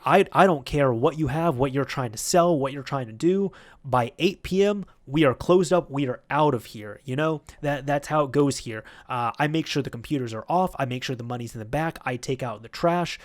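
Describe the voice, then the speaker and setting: A man's voice: moderate pace, natural voice. A self-important male coworker who boasts about running the store by the rules, as a man puts him on. He sounds smug and pleased with himself. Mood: boastful. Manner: bragging, high and mighty.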